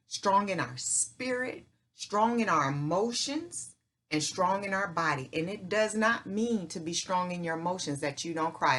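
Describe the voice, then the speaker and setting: Emphatic, preachy middle-aged woman, lower voice. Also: fairly bright tone. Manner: emphatic and repetitive, preacher-like, checking in with "right?" and "okay?"; folksy speech with "y'all" and "ain't". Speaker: channel host. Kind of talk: motivational faith talk.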